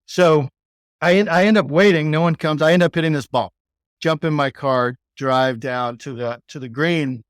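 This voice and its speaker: A Texan sales executive, appearing as a podcast guest, tells a story in a casual interview with a smooth, slightly high voice at a moderate pace. His telling is loose and rambling, packed with "like" and "you know," captured in a dry, studio-quality recording.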